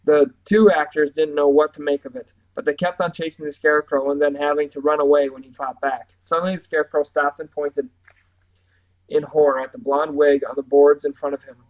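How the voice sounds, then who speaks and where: A man reading a children's story aloud in a lively, expressive way, with occasional slips. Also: fairly high pitch, fairly quick, low-quality recording.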